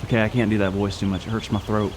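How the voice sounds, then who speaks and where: A man's voice: fairly low pitch, level tone, quick pace, a little hiss or hum. A young man hosting a church kids show in a goofy, playful pirate persona.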